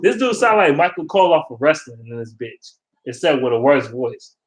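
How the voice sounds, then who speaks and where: A man ranting casually and profanely about football, animated and blunt, as a vlogger. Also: mid-range voice, normal speed. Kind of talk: casual sports rant. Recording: roomy echo.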